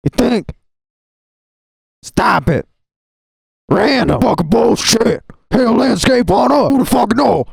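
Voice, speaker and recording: A gravelly, rasping voice, high for a man, belongs to a crude nihilist who rants with profane aggression and hammers the same words again and again, as a man puts him on. The husky tone carries no room sound at all, close and dry. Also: animated, takes it slowly, long pauses, no room sound, heavily acted. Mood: belligerent. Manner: aggressive, profane, repeats himself.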